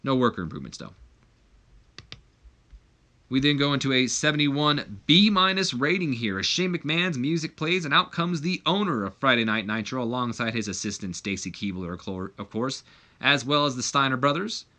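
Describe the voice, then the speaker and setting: Bright-voiced guy narrating a game. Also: mid-range voice, animated, normal speed. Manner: chatty, recapping with fillers. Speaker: video game commentator. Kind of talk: casual game playthrough narration.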